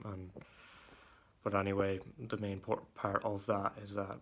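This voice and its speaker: A young man talks alone in a room at home, his low, deep voice nearly monotone and now and then cracking. He speaks haltingly, fills gaps with ums, and sounds irritated as he vents. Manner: hesitant, halting, with many fillers and restarts; irritated, venting. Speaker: vlogger. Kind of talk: casual monologue.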